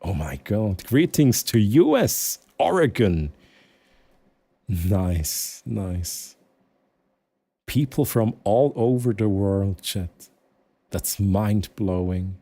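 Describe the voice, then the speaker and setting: A man from Switzerland with a Swiss German accent, a native Swiss German speaker chatting casually with his stream viewers in English, often pausing and restarting as he searches for words. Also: fairly low pitch, lively intonation, mellow, no echo. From Switzerland, Aargau. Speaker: live streamer.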